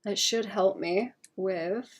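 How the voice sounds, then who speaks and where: Soft-spoken woman chatting while drawing. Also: mid-range voice, slow pace. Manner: soft-spoken, rambling, laughs often, many "like" fillers. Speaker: art streamer. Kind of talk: casual chat while drawing.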